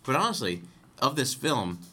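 A man's voice: mid-range voice, very animated, moderate pace, pushed and bright, breathy edge. A man co-hosting a podcast, chatting casually about a film, rambling and correcting himself as he goes. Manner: rambling, self-correcting, laughs easily. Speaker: podcast co-host. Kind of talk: casual movie discussion.

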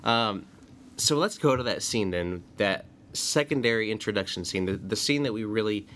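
A man's voice: on the low side, moderate pace, fairly bright tone. A man casually discussing a movie as a podcast co-host, chatty and talkative. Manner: chatty, quotes scenes with put-on voices. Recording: faint background noise.

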